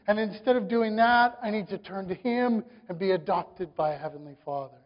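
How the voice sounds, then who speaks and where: A man's voice: high-pitched, normal speed. A man preaching a sermon, building emphasis through repeated rhetorical questions. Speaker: pastor. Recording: dull sound with long reverb in a hall.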